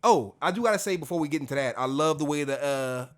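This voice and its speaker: A man co-hosting a casual podcast chat, telling stories in an animated, slangy way with plenty of cursing. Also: fairly high pitch, fast talker. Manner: profane, animated, slangy storytelling. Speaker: podcast co-host.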